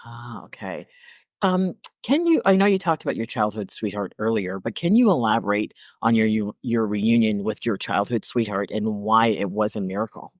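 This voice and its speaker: A man hosting an interview, asking halting questions and offering short affirmations. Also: lowish voice, lively intonation, no echo, studio quality. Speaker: host. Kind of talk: interview host.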